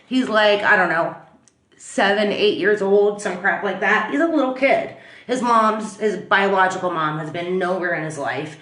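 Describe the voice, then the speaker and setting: A woman's voice: mid-range voice, normal speed, a bit bright. A woman casually telling a true-crime story in a chatty, blunt way, swearing freely. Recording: roomy echo.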